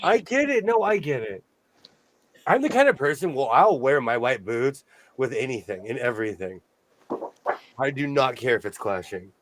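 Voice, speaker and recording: A man's voice: mid-range voice, very animated, normal speed, pauses often, slight background noise. An older man hosting a sewing livestream, chatting casually and jumping between topics. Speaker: sewing show host.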